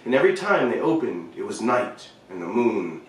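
A man reading a short story aloud, expressive, with shifting emphasis and the occasional slip. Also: lowish voice, normal speed, recorded from a distance. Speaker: reader. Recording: very echoey room, voice away from the mic.

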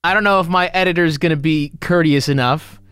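A man's voice: fairly high pitch, fairly quick, smooth, dry recording. A young man hosting a reaction video, giving casual comedic commentary that is sarcastic and full of swearing. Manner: animated, sarcastic, swears freely.

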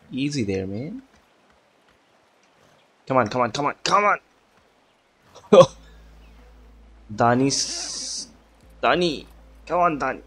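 A man's voice: mid-range voice, slightly rough. A man giving casual gameplay commentary, chatty and muttering to himself, swearing often, and putting on an accent for fun. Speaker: gaming video creator.

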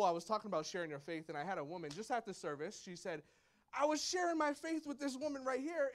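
A male pastor in his thirties preaching a sermon to a congregation, telling lively stories and acting out shouts and quotes. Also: high voice. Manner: animated storytelling, acts out shouts and quotes. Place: church hall before a congregation.

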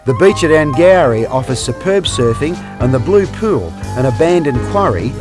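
A man's voice: fairly high pitch, sing-song, normal speed, music in the background. A man presenting a travel documentary, narrating in an upbeat, promotional tour-guide manner. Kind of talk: scripted documentary narration and on-location interviewing.

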